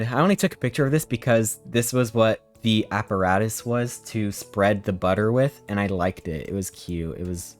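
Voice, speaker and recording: Casual male streamer, sarcastic storyteller, faint music behind. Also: fairly low pitch.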